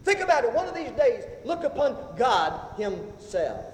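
A man preaching a sermon, swinging between loud rising passages and hushed, slow whispers. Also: very high voice, sing-song, a little hiss or hum. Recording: echoey hall, faint ambience.

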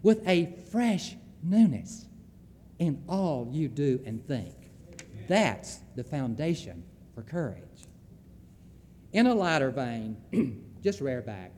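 A man's voice: mid-range voice, darkish tone, big-room sound, slight background noise. A Southern man giving a folksy, emphatic lecture on Christian leadership, with storytelling asides.

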